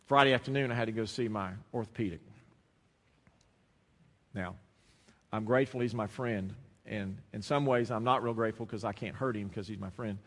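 A male pastor preaching a sermon who swings between loud, emphatic declarations and quiet, intimate storytelling. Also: lowish voice. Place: church sanctuary. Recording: long reverb of a large hall.

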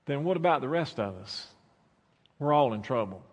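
A man preaching a sermon as pastor, swinging between soft, drawn-out phrases and loud, emphatic bursts. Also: mid-range voice, lively intonation, husky. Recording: long reverb of a large hall.

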